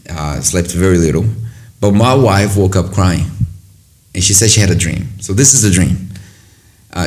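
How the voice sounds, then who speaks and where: A man's voice: low voice, a little mellow. A middle-aged man hosting a casual conversation, earnest and rambling, often restarting his sentences as he reflects. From from another country. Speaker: host.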